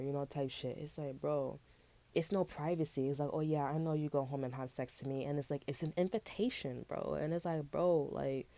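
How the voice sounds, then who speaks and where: Low mellow woman doing a chill tarot reading, slangy, rambling, cusses a lot. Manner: slangy and rambling, swears freely. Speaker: tarot reader.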